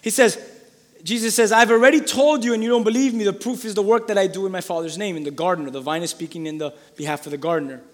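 Fervent high-voiced male preacher, echoing hall. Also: fast. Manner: fervent, repeats phrases for emphasis, builds to shouting. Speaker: pastor. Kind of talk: sermon.

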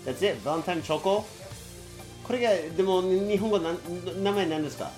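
A man's voice: sits high, quick pace, faint music behind. A man hosting a casual solo podcast from home, rambling and swearing as he drinks, a bit tipsy. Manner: profane, rambling, animated. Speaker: podcast host. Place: home in Japan, indoors.

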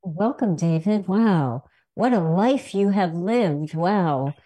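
Woman interviewer, slow, mellow tone, lots of affirming. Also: on the low side, lively intonation, breathy edge. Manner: warmly encouraging, many affirmations. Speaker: co-host.

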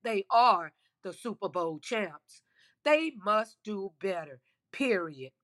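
Slow, emphatic woman sports host. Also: medium pitch, lively intonation, a bit bright. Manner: chatty and emphatic, addresses listeners directly. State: losing her voice. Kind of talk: casual sports commentary.

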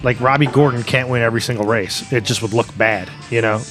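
A man co-hosting a casual podcast from a pub booth, rambling through stories and quoting people in animated voices. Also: mid-range voice, fast talker, soft background music. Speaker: podcast co-host. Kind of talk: casual chat.

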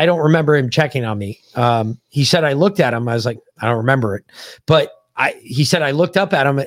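A man from the United States hosts a podcast and tells a war story bluntly, with plenty of swearing. His voice sits at a middle pitch for a man. The sound is dry and close, with no room in it. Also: no room sound. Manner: blunt, profane, animated retelling of combat. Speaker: podcast host. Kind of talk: casual storytelling.

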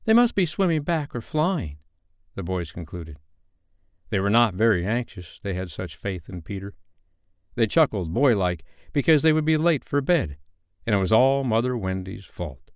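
A man with a smooth, lowish voice reads a bedtime story in a measured, gentle way. The recording is close and dry. He shapes each sentence with care. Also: expressive, no room sound.

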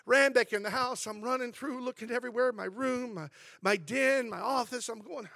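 Pastor, male, high tenor, animated storyteller, dry close sound. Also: normal speed, creaky, dry recording. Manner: chatty storytelling, animated and humorous. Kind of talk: sermon.

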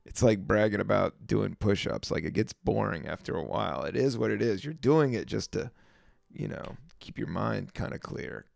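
Gravelly, creaky-voiced man rambling. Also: on the low side, normal speed, no echo, studio quality. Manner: relaxed, meandering, lots of fillers. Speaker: podcast host and stand-up comedian. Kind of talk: casual rambling monologue.

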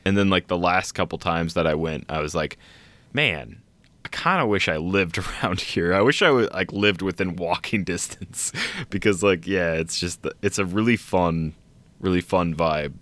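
A man's voice: low voice, normal speed, fairly bright tone, dry recording. A young man co-hosting a podcast, talking in a rambling, enthusiastic way. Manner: rambling, enthusiastic, lots of restarts. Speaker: podcast co-host. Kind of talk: casual chat.

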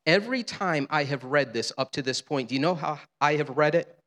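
A man's voice: on the high side, lively intonation, normal speed, a bit bright. A male pastor preaching a sermon in a conversational, humorous way in a church sanctuary. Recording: long reverb of a large hall.

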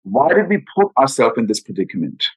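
A male guest financial adviser speaks in a podcast interview about retirement planning, his medium-pitched, husky voice very animated and brisk despite poor audio. He is earnest and emphatic, throwing out frequent rhetorical questions.

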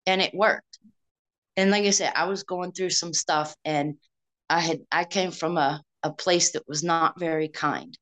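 Female veteran guest, lowish pitch, sincere and reflective. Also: steady tone, measured pace, fairly bright tone. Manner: earnest, reflective storytelling. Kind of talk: casual interview.

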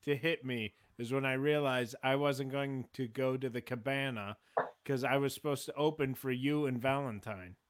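A man, a fellow comedian, cutting in with excited, rushed casual talk and frequent laughs. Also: medium pitch. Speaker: comedian on a video chat. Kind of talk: casual chat.

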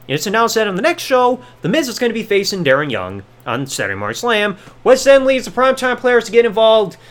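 A man's voice: high voice, wildly swooping pitch, quick pace. A man hosting a review podcast, sarcastic and profane, rambling through his recap. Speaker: podcast host.

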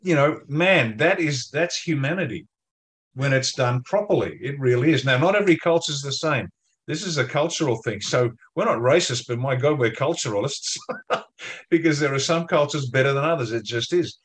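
A man with an Australian accent talks in an interview at a mid pitch. He is blunt and emphatic, and he tells colloquial stories. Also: animated, moderate pace, a bit bright. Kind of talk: interview discussion.

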